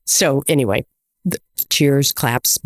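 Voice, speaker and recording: An American woman guest telling lively stories in a casual interview, often acting out quoted dialogue. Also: a bass voice, takes it slowly, no room sound, studio quality. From United States.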